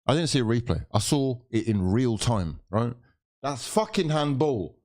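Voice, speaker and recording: A man's voice: medium pitch, big pitch swings, normal speed, darkish tone. A young man hosting a live football watchalong, exasperated and swearing constantly as he rants at players and referees. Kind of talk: live match watchalong commentary.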